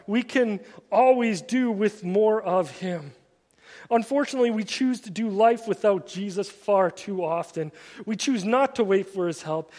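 A man preaching a sermon in an earnest way, often stammering and restarting his phrases, and at times dropping to a soft, quiet voice. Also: high-pitched. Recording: long hall reverb.

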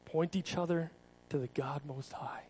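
A man's voice: fairly high pitch, steady tone, measured pace, darkish tone, slightly rough, poor audio. A male pastor giving a conversational sermon, casual and repeating words, often asking the congregation questions.

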